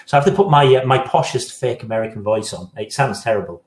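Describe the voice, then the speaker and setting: A man's voice: on the low side, expressive, fast, hardly any pauses, roomy sound. A man co-hosting a live online show, telling jokey anecdotes over a video call. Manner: joking, storytelling. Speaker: co-host. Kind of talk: casual live-show chat.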